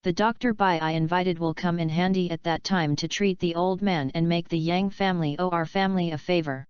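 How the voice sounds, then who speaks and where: A scheming middle-aged father from a wealthy family, pushy and eager as he lays out his plans, read by a woman narrator. The tone sits low, smooth and very clear. The audio is dry and a little dull and lo-fi. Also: fairly even intonation, fairly quick, dry recording, lightly acted.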